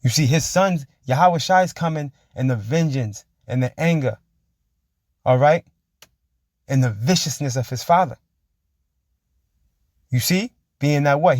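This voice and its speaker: A man preaching emphatically, reading scripture slowly and forcefully and checking in with his listeners again and again. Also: a little high, no echo, clean studio sound. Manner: emphatic, keeps asking "you see?" and saying "man". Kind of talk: street-style sermon with scripture reading.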